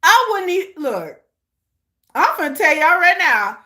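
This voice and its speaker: A woman's voice: very high voice, very animated, unhurried, bright, forceful tone. A woman hosting a casual reaction watch-along, talking bluntly and emphatically with plenty of profanity and repeated phrases for punch. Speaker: host of a live watch-along.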